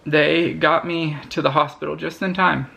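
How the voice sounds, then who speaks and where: A young man speaks to camera in a personal vlog. His voice sits a little high and has a gravelly fry. He talks earnestly and haltingly, often breaking off and restarting his sentences. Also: steady tone, bright, forceful tone. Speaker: vlogger.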